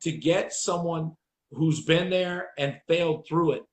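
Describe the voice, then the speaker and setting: Male host, casual storyteller, swears freely, slightly high-pitched, roomy sound. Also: measured pace, a little hiss or hum. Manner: profane, animated storyteller acting out voices. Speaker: dog trainer and host.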